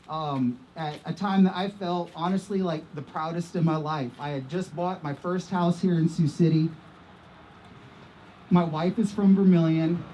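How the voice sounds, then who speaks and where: A man's voice: sits high, mellow, a little hiss or hum, rough recording. Impassioned man telling a personal story. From Iowa, USA. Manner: earnest, impassioned storytelling with repetitions. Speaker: vigil speaker. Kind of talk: personal testimony speech. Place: outdoor vigil.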